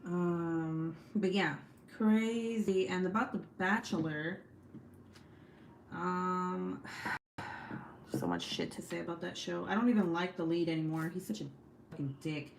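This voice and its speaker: A woman's voice: fairly low pitch, lively intonation, unhurried, vocal fry, reverberant, slight background noise. A woman in her forties hosting a casual livestream, chatting with viewers and reading their comments, swearing freely. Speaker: livestream host.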